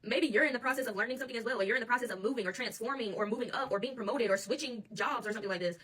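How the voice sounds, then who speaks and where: Fast, bright-voiced profane tarot reader. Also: female voice, a little high, husky, recorded from a distance. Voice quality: blunt and profane, laughs often. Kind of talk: channeled tarot reading monologue.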